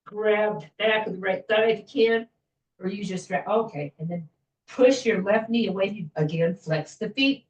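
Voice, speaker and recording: A woman fitness instructor guiding a floor stretching class in a gentle, chatty way, with small jokes about herself. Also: medium pitch, moderate pace, far from the mic. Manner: gentle, chatty, self-joking with little laughs. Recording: echoey room, voice from afar.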